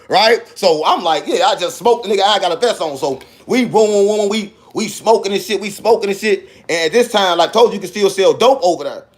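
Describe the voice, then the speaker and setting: A man's voice: quick pace, hardly any pauses. A man telling a wild personal story in casual speech, acting out the dialogue and punctuating it with sound effects. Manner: animated, acts out dialogue with sound effects like "boom".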